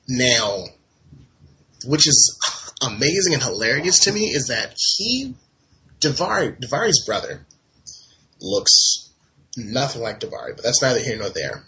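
A man co-hosting a wrestling podcast, recapping matches in animated casual chat. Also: mid-range voice, a little slow, long pauses. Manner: animated, laughing, does mock voices in quotes. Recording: dull lo-fi audio.

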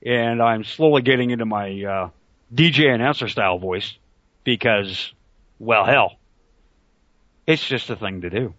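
Slightly slow, with long pauses, a middle-aged man's fairly low, fairly bright voice carries his online talk radio show. He rambles and jokes crudely in casual banter. The dry recording comes from a computer call mic, sounding dull and lo-fi.

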